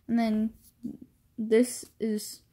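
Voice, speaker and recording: A woman's voice: a little high, completely flat delivery, very slow, dark tone. A young woman chatting casually into a phone at home, rambling and self-deprecating about her drawings. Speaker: amateur artist. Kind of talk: casual chat.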